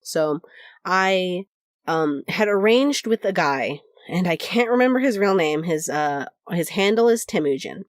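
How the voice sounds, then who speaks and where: Animated woman telling a story, dry close sound. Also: lowish voice, a little slow, dry recording. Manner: animated, acts out quoted voices, laughs often. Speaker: podcast co-host. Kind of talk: casual storytelling chat.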